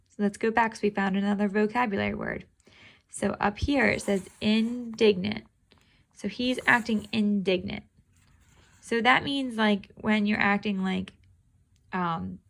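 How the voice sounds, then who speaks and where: A woman's voice: medium pitch, moderate pace, gravelly. A woman teacher reading a chapter book aloud to students, stopping to ask questions and explain vocabulary in an encouraging way.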